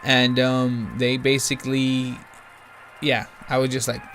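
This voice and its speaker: A tired-sounding man talks through a card game as he plays, rambling and restarting his sentences. His voice sits at an ordinary middle pitch. Faint guitar music plays quietly under his talk. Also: flat delivery, moderate pace. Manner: rambling, thinking aloud with many restarts. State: yawning, tired. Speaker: gaming channel host. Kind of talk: casual gameplay commentary.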